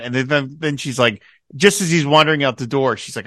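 A podcast host enthusiastically recaps a TV episode in casual conversation, acting out lines of dialogue in animated bursts. He has a medium-pitched voice and speaks a little fast. The studio sound is clean, with no room sound.

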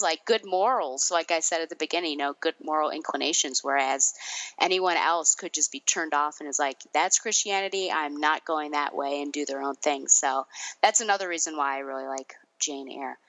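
A woman's voice: sits low, a bit bright, low-quality recording. A woman in a casual film discussion, thoughtful and hesitant, with many fillers.

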